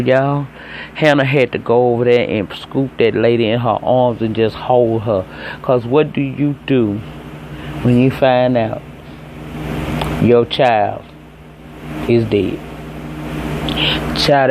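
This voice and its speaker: A man's voice: mid-range voice, darkish tone, slight background noise. Chatty Southern man recapping a TV episode. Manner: chatty, profane and emphatic, talks straight to viewers. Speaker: TV episode reviewer. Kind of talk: casual recap and commentary.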